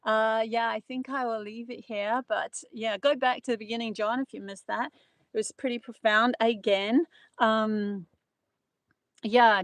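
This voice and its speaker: A woman's voice: mid-range voice, no echo. Earnest rambling New woman. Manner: earnest, rambling, with many fillers. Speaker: spiritual channeler. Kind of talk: live-streamed spiritual talk.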